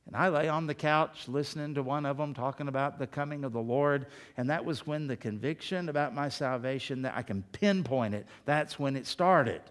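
A middle-aged man preaching a sermon as pastor, emphatic, his voice climbing high when he presses a point. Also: normal speed, hardly any pauses.

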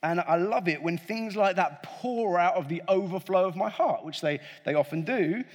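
Man, preacher, sermon, casual and joking, husky, somewhat high voice, long hall reverb. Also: lively intonation, normal speed. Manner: conversational, joking, addresses the congregation directly.

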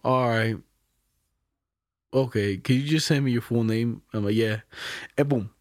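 A young man telling a story in casual chat, animated and slangy, acting out the other people's lines with frequent laughs. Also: medium pitch, unhurried, no echo, studio quality. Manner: casual slang-heavy talk. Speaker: podcast co-host telling a story.

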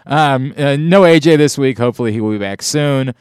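A man's voice: mid-range voice, fairly quick, a little mellow, clear, resonant tone, no room sound, studio quality. A man hosting a podcast in casual chat, rambling and exasperated, often restarting his sentences. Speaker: podcast host.

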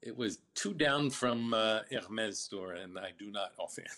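An older man recounting his business story in a casual interview, halting with fillers and restarts. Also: on the low side, expressive, pushed and bright.

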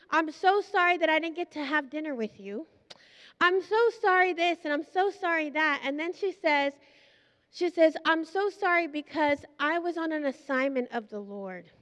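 High-voiced woman preaching in a hall. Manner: animated and personal, acting out quoted voices. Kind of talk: sermon. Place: church hall at a conference. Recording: live conference with long hall reverb.

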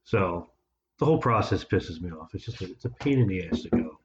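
A man's voice: sits low, a little fast. A man co-hosting a casual podcast, telling a long story and mimicking the people in it. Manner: animated storyteller, mimics voices in anecdotes. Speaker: podcast co-host. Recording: echoey room, slightly dull sound, faint noise.

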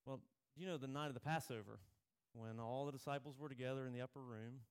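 Gravelly-voiced male pastor preaching. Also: mid-range voice, fairly even intonation, fast. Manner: conversational preaching with personal stories. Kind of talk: sermon.

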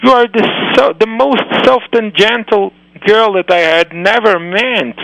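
A man voicing a caring woman schoolteacher, speaking softly and questioning in disbelief. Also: high-pitched, unhurried, vocal fry, no room sound, voice pushed up, full character voice, rough recording. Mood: astonished. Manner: soft, astonished questioning.

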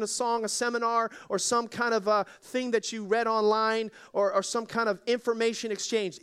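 A man's voice: extremely high pitch, fairly bright tone, clean tone. A male pastor preaching a sermon at a church service, exhorting the congregation and calling for their responses. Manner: exhorting, calls for audience response.

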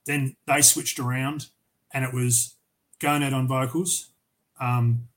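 A man's voice: mid-range voice, fairly even intonation, slow pace, poor audio. An Australian man from Tasmania, a metal vocalist who is a podcast guest, telling rambling, profane stories with many restarts. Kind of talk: casual storytelling interview.

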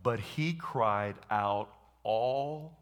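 A man preaching a sermon, animated, acting out scenes and shouting dramatically. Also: medium pitch, very slow.

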